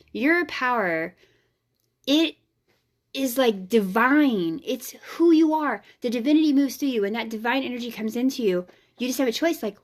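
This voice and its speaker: A woman with a fairly high voice hosts her own vlog as an energy healer. She talks in a frank, casual way and puts strong emphasis on her points, dropping the odd swear word. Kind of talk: casual spiritual vlog talk.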